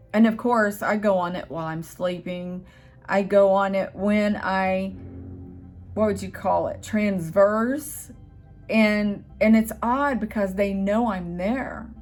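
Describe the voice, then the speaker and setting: A woman telling a personal spiritual story in a casual vlog, earnest and rambling, with hesitations and restarts. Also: medium pitch. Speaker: channel host.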